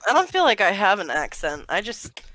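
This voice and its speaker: A woman's voice: medium pitch, sing-song, brisk, a bit bright, dry recording. An American woman with a sore throat, giggling as she hosts an online card game with friends and reads cards aloud with drama. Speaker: streamer hosting a card game. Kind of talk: casual gaming chat.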